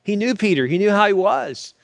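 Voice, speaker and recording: A man preaching a sermon as a pastor, swinging from loud, urgent pleas to hushed, low asides, often repeating words as he builds. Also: animated, a little fast, creaky, dry recording. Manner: repeats words and restarts when fired up.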